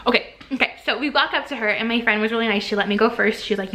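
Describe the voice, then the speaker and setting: A young woman tells her story straight into the camera in a bright, clear, somewhat high voice. She gushes as she talks, rushing through lots of fillers and restarts. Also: lively intonation. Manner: gushing, breathless, many fillers and restarts. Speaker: vlogger.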